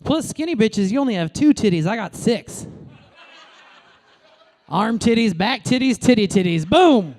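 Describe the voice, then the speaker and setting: A woman comedian in her thirties, originally from New York, works a stage mic. She delivers a brash, crude routine with punchy, animated timing. Her voice sits fairly high. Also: moderate pace, long pauses. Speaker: stand-up comedian.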